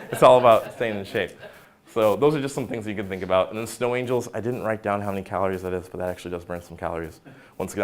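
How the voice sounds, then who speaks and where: A young male personal trainer talks fast through a casual wellness presentation. His voice sits on the low side, and he keeps cracking jokes and acting out quoted lines in exaggerated voices. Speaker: fitness center personal trainer. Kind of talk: informal wellness talk.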